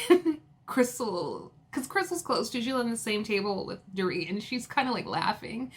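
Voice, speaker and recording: A young woman recapping a reality show episode in a chatty, casual way, full of fillers and quick laughs. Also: a little high, big pitch swings.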